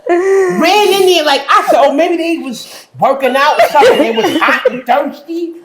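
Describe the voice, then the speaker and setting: A woman telling a story with animated energy, laughing and breaking into shouts. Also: high-pitched, moderate pace, echoey room, heavy background noise. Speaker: podcast guest.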